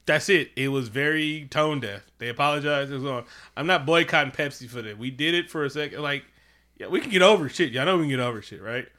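Animated, bright-voiced man riffing. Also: fairly high pitch, fast. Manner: animated, profane, jumps into mocking quoted voices. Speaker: podcast co-host. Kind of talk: casual comedic chat. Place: home.

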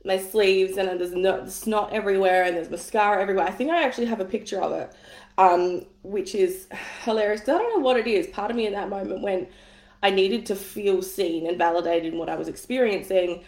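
Female coach, candid storyteller, casual cursing, mid pitch, roomy echo. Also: fairly quick, a little mellow. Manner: frank and chatty, swears casually, laughs through the story. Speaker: money mindset coach. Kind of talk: candid personal storytelling in an online course. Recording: echoey room.

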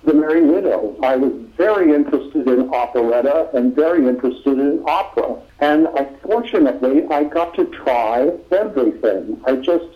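An older man from Oklahoma, a singer and actor, telling animated stories in an interview and laughing often. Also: medium pitch, normal speed, hardly any pauses. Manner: animated anecdotes with frequent laughter. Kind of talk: storytelling interview talk. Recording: lo-fi radio sound.

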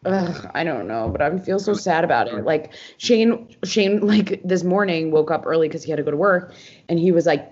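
A young woman co-hosts a podcast in casual chat, full of fillers and constant swearing. Her fairly low voice is animated and darkish, at a moderate pace, and the recording has a dull lo-fi sound.

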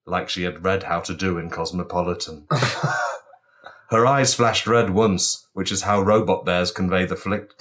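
A young man with a low voice reads out a comic story in deadpan, mock-solemn tones. He sounds a bit tipsy. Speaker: podcast co-host reading his story. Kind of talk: comic reading of an absurd story.

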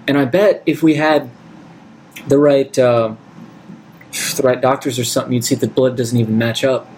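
A man's voice: mid-range voice, fairly even intonation, normal speed, darkish tone, slight background noise, low-quality recording. Man reasoning aloud in a tabletop game. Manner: reasoning aloud, repeats himself. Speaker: player. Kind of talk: playing a tabletop role-playing game.

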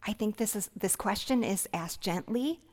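A woman preaching a sermon, gentle, earnest and reflective, with soft hushed passages. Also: medium pitch, normal speed.

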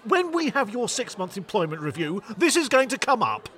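Brief: actor as a fretful doctor, bright, swooping voice. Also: male voice, sits high, sing-song, moderate pace. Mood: aggrieved. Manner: dry, fretful quips. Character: fussy, nervous gentleman doctor.

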